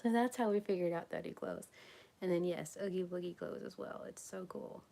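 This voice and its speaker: A woman's voice: fairly low pitch, very animated, fairly quick, gravelly, mellow. A woman, chatting casually and rambling on a live craft stream, often dropping to a whisper. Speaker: crafting vlogger.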